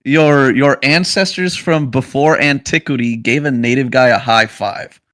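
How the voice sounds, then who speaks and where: Swearing, deadpan-joking man. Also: medium pitch, unhurried, no echo, clean studio sound. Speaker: podcast co-host. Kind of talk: casual chat.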